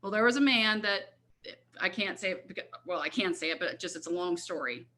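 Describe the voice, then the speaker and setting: A middle-aged network marketing leader recounts her story in an earnest testimony on a video coaching call. Her fairly low voice is animated and sharp in tone, moving at a fairly quick clip. She speaks with emphasis and often checks in with her listeners.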